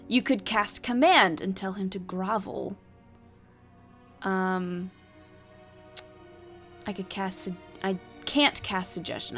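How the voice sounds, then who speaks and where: A woman's voice: mid-range voice, pushed and bright. Woman narrating a solo tabletop adventure. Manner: chatty, thinking aloud between narration.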